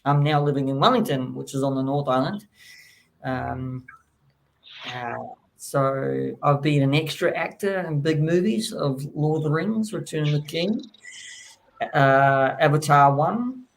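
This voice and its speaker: A man with a New Zealand accent chats casually as a co-host. His voice sits a little high, and he stops and restarts his sentences often. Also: unhurried, vocal fry, a little hiss or hum. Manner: hesitant, many fillers and restarts. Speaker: podcast co-host. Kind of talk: casual chat.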